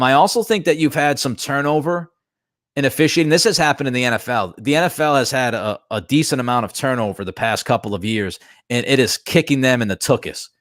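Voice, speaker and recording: A man hosting a sports talk show, delivering animated, emphatic commentary and ranting about officiating. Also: medium pitch, no echo, clean studio sound. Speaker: sports radio host.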